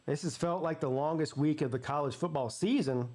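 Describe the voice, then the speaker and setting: A man's voice: fairly high pitch, fairly quick, a little mellow. A man hosting a live sports watch party, telling a story in a casual way, swearing freely and acting out the voices he quotes.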